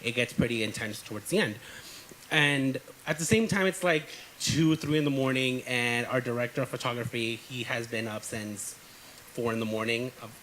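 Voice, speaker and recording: A young man tells a set story in a relaxed, filler-laden way. His voice is bright and forward, at a middle pitch. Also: normal speed, a little hiss or hum, poor audio. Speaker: filmmaker, guest. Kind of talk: casual storytelling interview.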